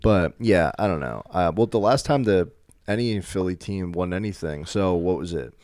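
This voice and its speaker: A young man with a low voice co-hosting a sports podcast. He is deadpan and skeptical, and he reels off old sports history. The recording is dry and close. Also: normal speed, no room sound. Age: young adult. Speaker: podcast co-host. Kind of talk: casual sports chat.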